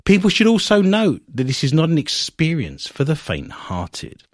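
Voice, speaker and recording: A man's voice: fairly high pitch, wildly swooping pitch, moderate pace, dry recording, studio quality. A man from Britain co-hosting a casual chat, reading news aloud and cutting in with sarcastic, mocking asides. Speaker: podcast co-host.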